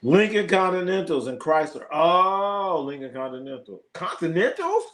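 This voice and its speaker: A middle-aged man hosting a live sports stream, chatting casually with viewers and telling profane, animated stories. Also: high-pitched, normal speed.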